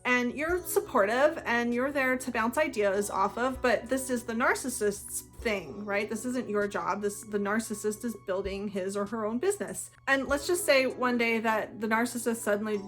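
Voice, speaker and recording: A woman's voice: a little high, normal speed, hardly any pauses, faint music behind. Earnest woman explaining to camera. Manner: earnest, emphatic, repeats phrases. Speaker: video host.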